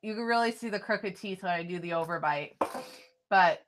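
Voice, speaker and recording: A woman's voice: on the low side, moderate pace. Chatty young woman vlogging to camera. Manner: rambling, chatty, with frequent "like" and sighs. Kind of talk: casual chat to camera. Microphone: phone camera held at arm's length.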